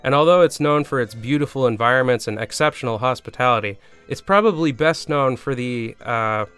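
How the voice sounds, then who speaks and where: Canadian guy doing a sarcastic movie review, smooth clean voice, faint music under it. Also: mid-range voice, brisk. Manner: sarcastic, deadpan asides. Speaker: video reviewer host. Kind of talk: comedic movie review narration.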